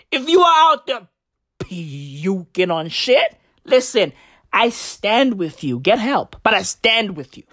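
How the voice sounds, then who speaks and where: A woman rants in a brash, swaggering comic voice, her fairly high pitch leaping all over the place. She takes her time, stretching lines out slowly for effect. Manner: brash, swaggering slang-heavy rant with wild pitch swings. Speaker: comedian. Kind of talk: comedic rant.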